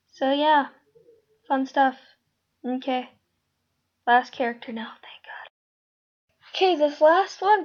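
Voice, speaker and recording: A woman explaining a casting call to her viewers in a casual, rambling way, full of ums and trailing asides. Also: on the high side. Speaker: creator running a casting call. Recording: dull lo-fi home mic.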